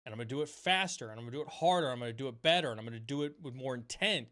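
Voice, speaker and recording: At home in his streaming setup, a man hosts a livestream chat, giving an impassioned motivational talk that repeats phrases for emphasis and swears freely, before taking viewer questions. His medium-pitched voice comes rapid-fire, pushed and bright.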